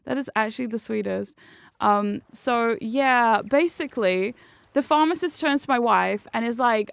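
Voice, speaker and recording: A woman's voice: fairly high pitch, measured pace, vocal fry, clean tone, no echo. A young woman, telling a story casually and animatedly while she streams a game, with some swearing. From New Zealand. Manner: animated and swearing, with bursts of laughter.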